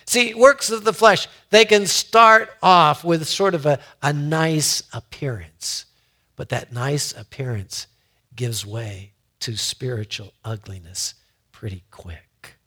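Bright-voiced man preaching slowly. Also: fairly high pitch. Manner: folksy, repeats words when emphatic. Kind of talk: conversational sermon.

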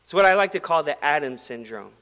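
A man preaching a sermon in a conversational, animated storytelling manner. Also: a little high, fast, long reverb tail. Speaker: pastor.

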